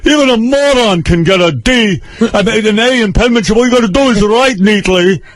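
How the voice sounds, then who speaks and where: A man's voice: high voice, brisk, voice pushed up, natural voice. A man puts on a stern father who scolds in a raised, over-careful voice, clipping each word as if correcting his own accent. The tone is stiff and disapproving. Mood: scolding. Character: stern immigrant father lecturing his son.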